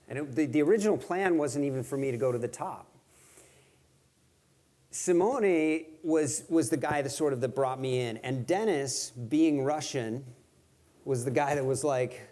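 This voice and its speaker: A man's voice: medium pitch, a little mellow. A man giving a live talk to an audience, conversational and self-deprecating, telling stories with jokes. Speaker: guest speaker. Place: event venue with audience.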